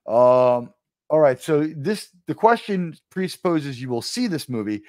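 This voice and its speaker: A chatty man with a New York accent hosts a live stream in a middle-pitched voice. He rambles, breaks off and restarts his sentences, and now and then jumps into loud animated bursts. The sound is close and dry, with no room echo. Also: moderate pace. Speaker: livestream host. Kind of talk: casual live-stream chat.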